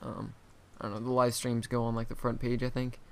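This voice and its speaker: A man's voice: mid-range voice, flat delivery, a little fast, gravelly, a little mellow, clean tone. Rambling male podcast host. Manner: rambling, hesitant, full of fillers. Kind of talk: casual chat.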